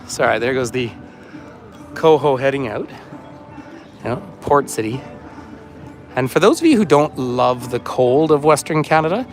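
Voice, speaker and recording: Chatty man giving a walking tour. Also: mid-range voice. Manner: chatty, rambling, reads out viewer comments. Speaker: tour guide. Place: outdoors on a city waterfront street.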